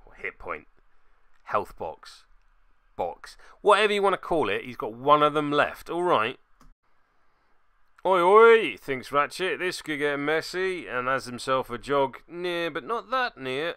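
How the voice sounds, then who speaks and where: A man's voice: mid-range voice, bright, forceful tone, smooth, dry recording, clean studio sound. A man narrating a tabletop miniatures game turn by turn, with wry, self-deprecating asides.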